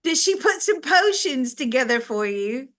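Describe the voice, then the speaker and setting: A woman's voice: high voice, sing-song, moderate pace, a bit bright. A woman hosting a casual chat, who interviews her guest in a teasing, giggly way. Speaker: psychic host.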